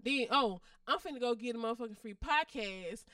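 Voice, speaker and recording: A woman's voice: fairly high pitch, animated, a little fast, sharp tone, smooth, dry recording, studio quality, far from the mic. A woman co-hosting a casual podcast, talking bluntly and emphatically with lots of profanity. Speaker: podcast co-host.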